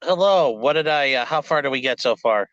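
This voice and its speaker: A man joins the stream as a call-in guest and talks in a loose, halting way, stumbling over his words. His voice comes through muffled and lo-fi, with a dead-dry sound and no room around it. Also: medium pitch, lively intonation, a bit bright, no room sound. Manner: hesitant, stumbling casual speech. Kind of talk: casual chat. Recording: dull, dry, lo-fi call audio.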